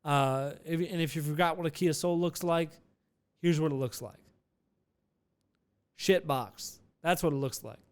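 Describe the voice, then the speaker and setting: Young male podcast host, smooth slightly high voice, rambling casual storyteller. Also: unhurried, long pauses. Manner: rambling and animated, with frequent restarts and swearing.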